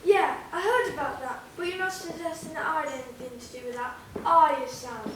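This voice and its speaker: A student actor playing a smug, defensive gangster boss in a school stage play, recorded from far off in an echoey hall. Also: female voice, high voice, a little fast, noisy background, lightly acted.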